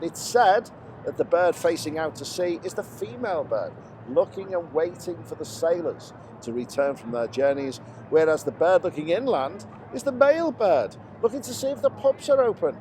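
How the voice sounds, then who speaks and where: A man's voice: sits high, a little mellow, slight background noise. A man acting as a city tour guide in a comedy sketch, explaining landmarks politely and patiently outdoors.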